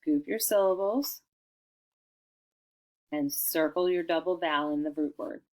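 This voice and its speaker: A middle-aged woman teacher dictating a recorded spelling lesson for children, sounding out each word slowly and clearly. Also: sits low, darkish tone.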